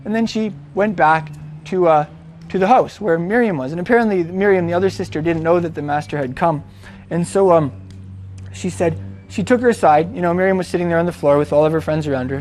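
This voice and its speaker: A man's voice: sits high, brisk, a little mellow, a little hiss or hum. A man retelling a story in a chatty, informal way, with frequent restarts and fillers. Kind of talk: casual storytelling.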